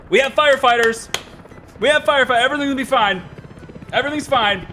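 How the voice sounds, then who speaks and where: A man streaming a city-building game live, chatting to himself and yelling frantically when things go wrong. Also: very high voice, fast, long pauses, soft background music. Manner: excitable, swings from mumbling to frantic shouting. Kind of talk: live gameplay commentary.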